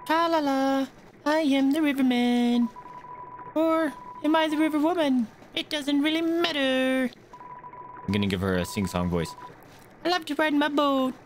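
A man doing a lilting high riverperson. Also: lively intonation, a little slow, a little hiss or hum. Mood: dreamy sing-song. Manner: lilting sing-song. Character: sing-song riverperson ferrying a boat, dreamy.

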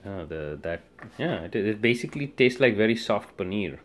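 A man's voice: on the low side, expressive, moderate pace. Guy goofing around cooking pizza at home, bossy and teasing, lots of ups and downs in his voice. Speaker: home cook vlogger. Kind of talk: casual kitchen banter. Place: home kitchen.

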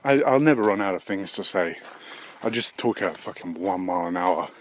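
A man's voice: deep voice, fairly quick, a little hiss or hum. Rambling, profane male podcaster. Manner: rambling, profane, deadpan musings. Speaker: podcast host. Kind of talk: rambling solo comedy podcast.

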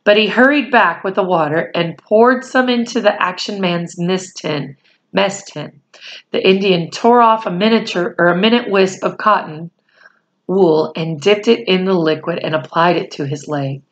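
A woman's voice: lowish voice, moderate pace, dull audio. A woman reading a children's novel aloud, who corrects small slips and stops to explain words. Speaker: storyteller.

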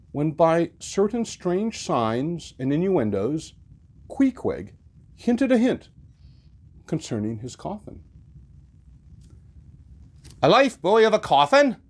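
A man reading a classic novel aloud with an expressive, varied delivery. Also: a little high, husky. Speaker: reader.

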